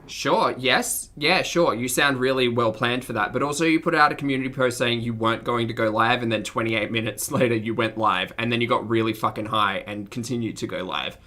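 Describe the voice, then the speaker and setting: Blunt low-voiced woman reacting on stream. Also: fairly quick, few pauses, a bit bright. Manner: blunt, sarcastic, exasperated ranting. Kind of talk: live-stream reaction commentary.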